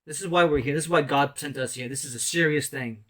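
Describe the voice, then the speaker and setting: A man's voice: a little high, fast talker, fairly bright tone. A man in ministry giving an impassioned, rambling testimony sermon full of restarts and emotional outbursts. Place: island mission.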